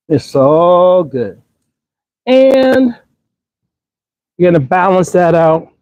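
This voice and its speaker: A man's voice: fairly high pitch, mellow, poor audio. Upbeat man grilling and chatting live. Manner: upbeat, chatty, talks to the food while cooking. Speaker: cooking channel host. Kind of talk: live grilling demonstration, casual talk to viewers.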